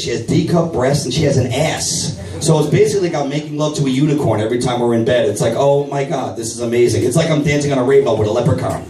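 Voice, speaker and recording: A middle-aged man doing a crude, rambling stand-up set for a live audience, bursting into shouted voices for his own reactions. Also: medium pitch. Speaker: stand-up comedian. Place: comedy night at a vape shop, live audience. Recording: roomy live venue, mic from a distance, crowd noise. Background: audience laughter and clapping.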